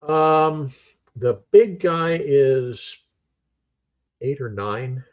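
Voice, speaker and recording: A man's voice: medium pitch, lively intonation, very slow. A man in easygoing casual chat, hesitant at times, on dull muffled audio.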